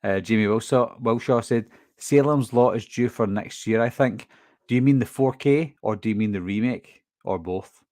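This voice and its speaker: Casting: Glasgow-accented man hosting a live stream, chatty, medium pitch, dry close sound. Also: moderate pace, darkish tone, no echo. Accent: Glaswegian Scottish, toned down. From Scotland. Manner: chatty, reads viewer questions and answers them. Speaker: horror movie channel host. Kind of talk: casual live stream chat.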